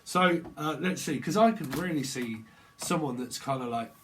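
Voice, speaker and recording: A man's voice: a little high, normal speed, a bit bright, slight background noise, poor audio. A man doing a tarot reading, rambling and jokey, slipping into little acted-out scenes. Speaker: tarot reader.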